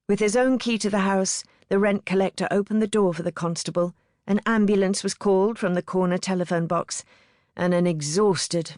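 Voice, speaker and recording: A woman narrating an audiobook in a measured storytelling manner. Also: fairly low pitch, darkish tone, no echo, studio quality.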